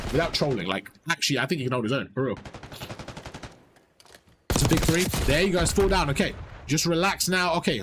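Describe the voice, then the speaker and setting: Over loud game gunfire and sound effects, a man with a higher-pitched voice coaches live during gameplay. He fires off repeated urgent instructions and talks to his chat.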